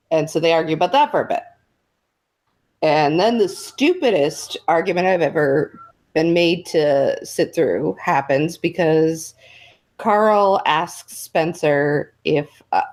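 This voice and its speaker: A woman's voice: on the low side, a little mellow. A woman hosting a casual livestream chat, recapping events in a sarcastic storytelling manner. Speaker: show host.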